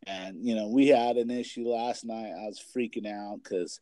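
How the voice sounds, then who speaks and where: A young man chats casually in a low, mellow voice, full of filler words and the odd curse. The sound is dry and close, with no room around it. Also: fairly even intonation, normal speed, dry recording. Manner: rambling, heavy filler words and swearing. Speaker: parent and kids' basketball coach. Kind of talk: casual chat.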